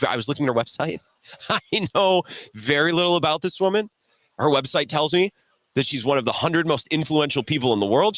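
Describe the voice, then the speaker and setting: A man's voice: medium pitch, dry recording. A man hosting a sports radio show, telling stories in a casual, self-deprecating way. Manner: animated, self-deprecating storytelling. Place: radio row broadcast table.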